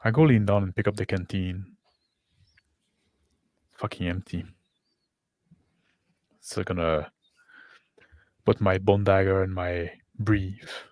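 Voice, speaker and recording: A man plays a tabletop game in a fairly low voice. He talks casually and checks in with the group. The recording is dry and close. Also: steady tone, slow pace, pauses often, darkish tone, dry recording. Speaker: player.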